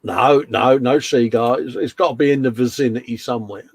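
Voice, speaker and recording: A British man hosts a laid-back hobby livestream from his home workshop bench and keeps calling everyone mate. His voice sits at an ordinary middle pitch. The sound is close and dry, with no room echo. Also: a little fast, vocal fry, slightly rough. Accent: British English. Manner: chummy and matey, calls everyone mate. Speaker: host of a model-building livestream. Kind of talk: casual chat, reading out viewer comments.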